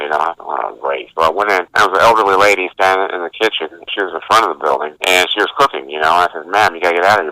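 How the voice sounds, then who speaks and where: An older man in his sixties tells stories with a low, forceful voice. He acts out each exchange as he talks, and the sound is close and dry. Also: clean tone, no room sound, rough recording. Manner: animated storyteller who acts out dialogue. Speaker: retired police officer guest. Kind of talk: telling stories in an interview.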